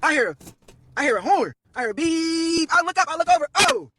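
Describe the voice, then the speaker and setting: A man's voice: extremely high pitch, very animated, a little fast, creaky, pushed and bright. A young man telling a long personal story on a live stream, slangy and profane, quoting everyone in turn.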